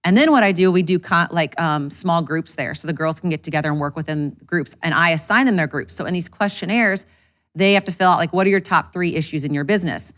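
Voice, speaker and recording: A woman's voice: on the low side, fast talker, fairly bright tone. A woman guest on an interview show, talking through her business in casual, candid chat and swearing freely.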